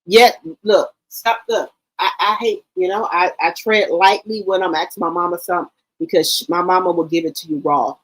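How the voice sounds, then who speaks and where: Middle-aged woman, lowish husky voice, animated casual storytelling, livestream host. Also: normal speed, hardly any pauses, poor audio. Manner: animated, addresses listeners as baby and girl.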